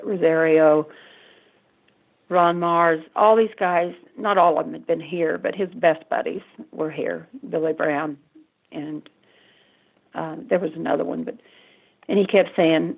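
An older woman, a mother, recalling in halting, stuttering speech how she learned her son was involved in a crime. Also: lowish voice, creaky, slightly rough. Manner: halting, stuttering, many restarts. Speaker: mother of the convicted man, interviewee. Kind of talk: emotional personal recollection. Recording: tinny phone line.

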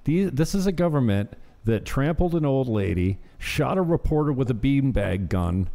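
A man's voice: mid-range voice, very animated, normal speed, creaky, mellow. A man hosting a casual political chat, sarcastic, often laughing and trailing off mid-sentence. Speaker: host.

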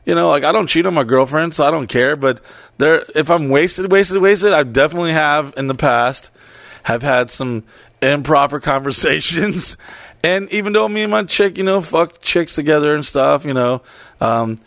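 A man's voice: on the high side, moderate pace, vocal fry, fairly bright tone, dry recording. A man telling a story in casual podcast chat, rambling, swearing freely and laughing as he goes.

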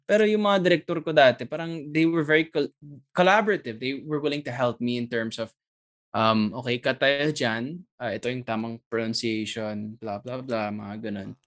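A man's voice: a little high, fairly bright tone. A young man from the United Kingdom, a guest actor, chatting casually and switching back and forth between English and Tagalog with lots of fillers. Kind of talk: casual chat.

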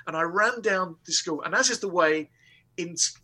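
A man telling a comic anecdote in a lively, casual way, with restarts and laughter. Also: sits high, normal speed. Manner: animated storytelling with laughter and restarts. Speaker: guest comedian. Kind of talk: casual anecdote on a talk show.

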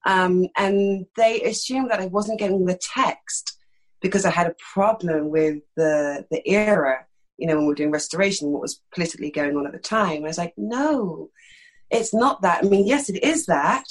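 A middle-aged actress from East London with a slight lisp, telling frank, animated stories in a candid interview. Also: female voice, fairly low pitch, moderate pace, low-quality recording. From East London, England. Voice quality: slight lisp that sometimes creeps in. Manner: frank, animated storytelling with many fillers.

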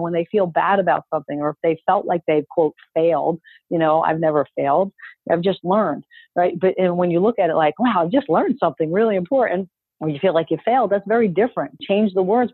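A woman's voice: lowish voice, a little fast, breathy edge, no room sound. A woman coach giving an upbeat, emphatic motivational talk, coaxing listeners to repeat phrases after her, heard over a call. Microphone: call audio. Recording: dry tinny phone-like call audio.

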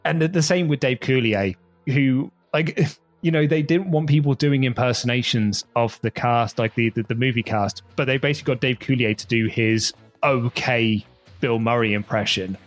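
A man co-hosts a podcast in an enthusiastic, rambling way, restarting his sentences often. His voice sits at a middling pitch for a man. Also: moderate pace, dry recording, faint music behind. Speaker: podcast co-host. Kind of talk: casual chat.

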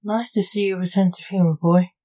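A woman voicing a gruff, weary male Lord of Hell who grumbles at his son. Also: medium pitch, fairly even intonation, quick pace, dark tone, close to an everyday voice, rough recording. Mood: grumbling. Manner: grumbling, curt.

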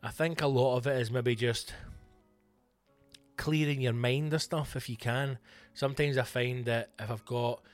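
A man's voice: mid-range voice, steady tone, measured pace, faint music behind. A Scottish man hosting his own comedy podcast, answering listener questions in a casual monologue with sweary, mock-grand flourishes and teasing the listeners by name. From Scotland.

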